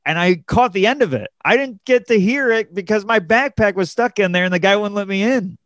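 A young man, a comedian and podcast co-host, telling a story in casual chat, animated and full of fillers and restarts, jumping his pitch up to act out the people he quotes. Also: fairly quick, no room sound.

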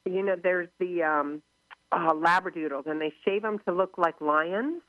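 A woman's voice: on the low side, measured pace, no echo. A woman hosting a radio talk show, chatting casually and gushing, often laughing and acting out quoted voices. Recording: narrow phone-line sound, dry.

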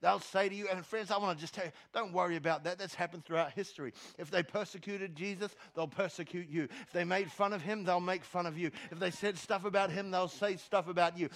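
Gravelly preacher, lively delivery. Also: male voice, high voice, a little fast, hardly any pauses. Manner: energetic preaching, swings from soft asides to loud exhortation; repeats words when starting a phrase. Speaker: pastor. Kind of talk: sermon. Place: church stage.

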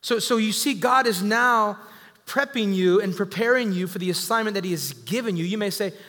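A man preaching a sermon to his church, energetic and calling out to the congregation. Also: high-pitched, fairly quick. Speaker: pastor. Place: church sanctuary. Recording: echoey hall.

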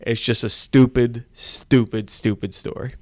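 A man's voice: medium pitch, fairly even intonation, a little slow, a little mellow, no echo, clean studio sound. A man co-hosting a podcast in casual chat, loose and opinionated, with many fillers. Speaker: podcast co-host.

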